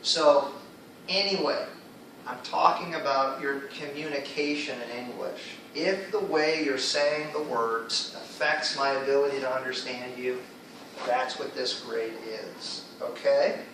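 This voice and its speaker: A man's voice: medium pitch, a little slow, a bit bright, distant mic, a little hiss or hum. Guy teaching english class, keeps asking okay? right?, recorded from across a big echoey room. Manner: explains patiently, checks in with students often. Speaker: ESL teacher.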